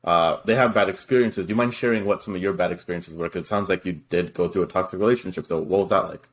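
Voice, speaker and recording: Male podcast host, low voice, relaxed conversational questions. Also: fast talker, a little hiss or hum. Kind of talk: interview questions.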